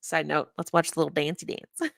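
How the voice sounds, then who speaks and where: A woman's voice: low voice, brisk, creaky, dry recording, studio quality. A young adult woman streaming from her computer, chatting casually, rambling, swearing and muttering to herself as she searches. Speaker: streamer reviewing a live stream. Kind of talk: casual livestream chat. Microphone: desk microphone.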